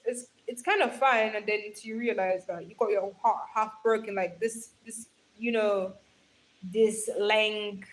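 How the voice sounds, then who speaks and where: Chatty young woman live streaming. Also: on the high side. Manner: chatty, reads viewer comments aloud, laughs often. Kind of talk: casual live stream chat.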